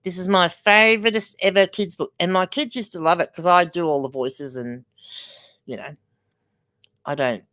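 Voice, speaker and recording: Chatty older woman, slightly low voice. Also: normal speed, a bit bright. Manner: chatty and rambling, reads viewer comments aloud. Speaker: livestream host. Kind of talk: casual livestream chat.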